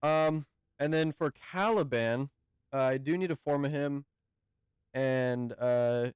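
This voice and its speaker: A man hosting a casual game review, talking in a hesitant, halting way and often searching for words. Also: medium pitch, clear, resonant tone, no room sound. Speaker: gaming channel host.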